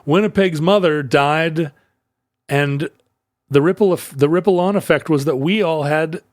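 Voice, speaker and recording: A man co-hosting a podcast in casual chat, playful and quick to laugh. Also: a little high, no echo, studio quality. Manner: playful, laughs often, jokey. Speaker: podcast co-host.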